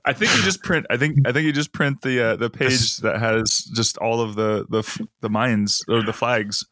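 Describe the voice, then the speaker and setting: A man's voice: medium pitch, moderate pace, pushed and bright, no echo. A man in casual chat, explaining things with frequent restarts. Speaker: podcast co-host.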